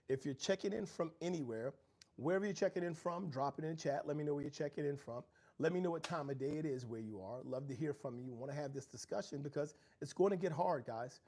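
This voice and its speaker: A middle-aged man hosts a motivational livestream from home, speaking earnestly about growth and challenge in a medium-pitched, darkish voice. He gets preachy and reads out viewer chat.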